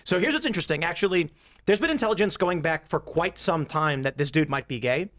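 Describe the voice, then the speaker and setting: A man's voice: a little high, expressive, fairly quick, fairly bright tone. A man hosting a podcast, casually reading and riffing on a news story in a wry way. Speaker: podcast host.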